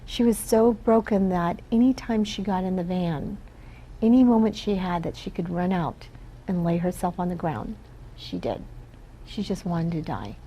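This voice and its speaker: Earnest woman with a gravelly voice. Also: lowish voice, normal speed, mellow, slight background noise, poor audio. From Philippines. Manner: earnest storytelling, often tags "right?". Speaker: guest. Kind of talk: casual interview talk.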